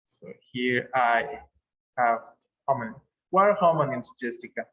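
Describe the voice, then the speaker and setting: A man's voice: medium pitch, animated, a little slow, muffled recording. Patient male teacher on a video call. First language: Spanish. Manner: patient, repeats words for emphasis. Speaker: English teacher. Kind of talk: online class teaching.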